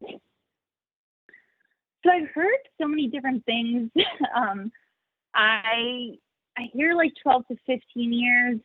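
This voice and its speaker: A chatty young woman with a fairly high voice talks warmly and loosely, filling her answers with "like" and quick laughs. The sound is dry and narrow, as if over a phone line. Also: husky, no room sound. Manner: chatty, many "like" fillers, laughs often. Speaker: sanctuary founder, interview guest. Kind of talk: casual interview answers.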